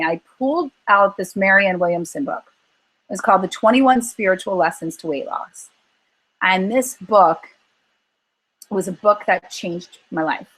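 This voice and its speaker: A woman's voice: medium pitch, low-quality recording. A woman coaching on emotional eating in a group call, talking earnestly and acting out her own inner voice as she tells stories. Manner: earnest, animated storytelling with acted-out inner voices. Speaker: weight-loss coach.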